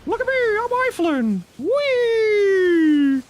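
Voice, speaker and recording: A man voicing a hyper, childish game hero in a high, squeaky cartoon-mouse falsetto, squealing with glee over loot while joking around on a game stream. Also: very animated, extremely slow, very noisy, exaggerated voice. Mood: giddy. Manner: gleeful squealing, babbling about loot.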